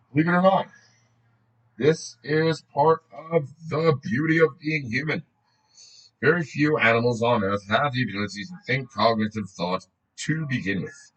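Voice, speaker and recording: A man's voice: fairly high pitch, fairly bright tone, low-quality recording. A man reading a book aloud in a casual way, often breaking off to joke, swear and laugh.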